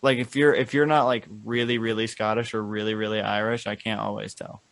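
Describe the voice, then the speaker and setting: A man's voice: on the low side, level tone, a little fast, vocal fry, fairly bright tone, no echo. A man co-hosting a podcast in casual chat, talking eagerly with lots of "like" and "um". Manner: enthusiastic, rambling, many fillers. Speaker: podcast co-host.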